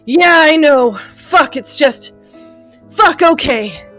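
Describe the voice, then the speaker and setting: A woman's voice: sits high, lively intonation, takes it slowly, fairly bright tone, soft background music, pitched above the performer's own voice, heavily acted. A woman reading an embarrassed man's lines aloud in a flustered, blurting way.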